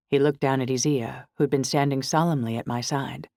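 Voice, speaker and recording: A woman reading a first-person novel aloud in measured, scripted narration. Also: very deep voice, steady tone, mellow, no room sound, studio quality. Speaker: audiobook narrator.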